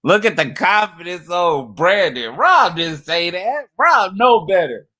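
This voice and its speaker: A man's voice: high voice, very animated, measured pace, bright, forceful tone. Guy doing mocky reaction commentary, sarcastic and taunting. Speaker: stream commentator.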